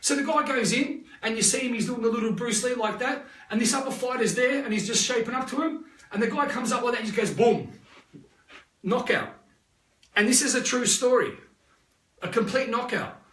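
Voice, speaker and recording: High-voiced Australian coach, echoey and distant. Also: male voice, fairly quick. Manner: energetic, rambling, repeats himself, tag questions. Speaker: life coach. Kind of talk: live motivational talk. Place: live online session.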